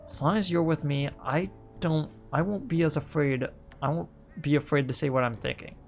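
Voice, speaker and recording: A man reading game lines aloud as a gentle, earnest young heiress, with a slipping English accent and a soft, polite, sincere delivery. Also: fairly high pitch, normal speed, creaky, soft background music, pitched above the performer's own voice.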